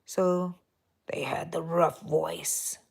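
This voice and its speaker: A middle-aged woman hosting a live crochet tutorial, talking softly and mellowly, sometimes drifting into a whisper as she works. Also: low voice, fairly even intonation, very slow, gravelly, husky. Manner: soft, mellow, drifting into whispers while counting stitches. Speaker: crochet channel host.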